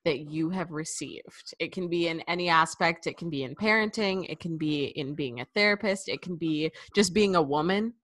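A woman's voice: lowish voice, normal speed, hardly any pauses, fairly bright tone, no room sound, clean studio sound. A woman from Canada hosting a podcast, chatty and enthusiastic. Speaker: podcast host. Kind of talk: casual podcast conversation.

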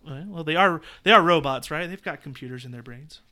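Bright, clear-voiced man chatting. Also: fairly high pitch, quick pace. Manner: animated, jokey, acts out movie lines. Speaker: podcast co-host. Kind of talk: casual chat.

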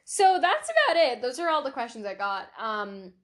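A woman's voice: a little high, wildly swooping pitch, normal speed, fairly bright tone. A young woman hosting her own podcast, chatting casually and rambling with lots of fillers and giggles. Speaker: podcast host. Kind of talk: casual solo podcast chat.

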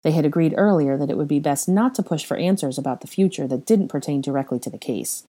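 A woman reads a story aloud with a low, warm voice. Her telling is calm and even. The tone stays mellow throughout. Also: quick pace. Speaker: reader. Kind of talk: fan fiction narration.

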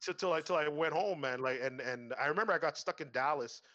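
A man's voice: a little high, fast, pushed and bright, no echo, lo-fi sound. A young man telling stories in casual chat, rambling and profane, full of fillers and restarts.

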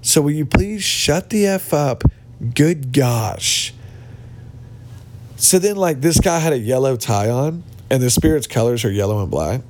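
Animated but unhurried, a man's mid-range, darkish voice carries over slight background noise. The podcast host rants bluntly and mocks people in a casual monologue, recorded in a cabin among other people without his regular mic.

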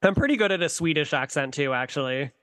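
A man's voice: on the high side, lively intonation, quick pace, fairly bright tone. A man guesting on a podcast, chatting playfully and hamming up mock accents. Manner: playful, hams up mock accents, laughs a lot. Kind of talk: casual chat.

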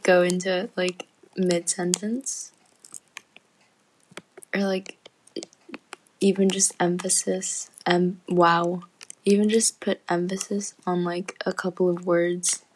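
A woman's voice: mid-range voice, a little mellow, husky, rough recording. A woman in casual rambling chat from home, giggly and full of fillers, often dropping to a near-whisper. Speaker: student podcaster.

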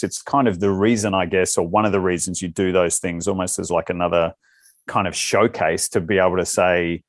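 A deep-voiced man with an Australian accent, recorded dry, appears as an actor guest in a casual interview. His answers are loose and rambling, circling back on themselves.

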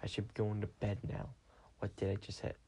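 A man's voice: fairly low pitch, monotone, a little fast, warm tone, slight background noise. A tired young man hosting a podcast, talking in a chatty, rambling way and often correcting himself. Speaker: podcast host. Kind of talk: rambling casual monologue.

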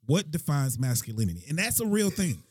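A man's voice: a little high, sing-song, brisk, a little hiss or hum. A man hosting a casual podcast chat, laid-back and swearing freely. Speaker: podcast host.

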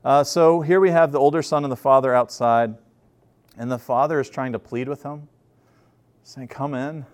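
A man's voice: mid-range voice, steady tone, moderate pace, long pauses. A male pastor delivers a sermon as an easygoing story told to a congregation. He talks informally, often restarting his sentences and using filler words between thoughts.

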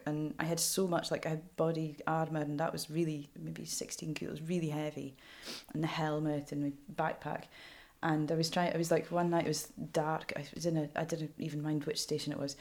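A Scottish woman journalist talking frankly in an interview, animated and laughing often. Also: deep voice. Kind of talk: candid interview storytelling.

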